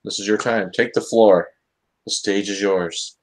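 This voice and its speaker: Low-voiced joking male show host. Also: fairly even intonation, measured pace. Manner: joking, rambling with many fillers. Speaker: host of a comics talk show. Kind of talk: casual live-stream chat.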